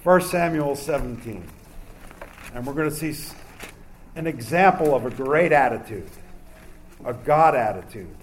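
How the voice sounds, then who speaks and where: A man's voice: medium pitch, expressive, unhurried, pauses often, slight background noise. A man from New York preaching a sermon to a congregation in a conversational way, with many fillers and asides. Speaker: pastor.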